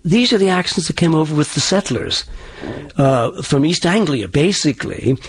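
A man who is a dialect coach, explaining accent history in a halting way with frequent restarts. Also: a little high, lively intonation, breathy edge. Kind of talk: interview answers.

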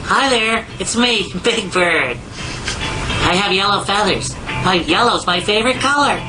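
An older man voicing a cheerful childlike giant yellow bird in a high, sing-song way. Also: expressive, measured pace, music in the background, rough recording.

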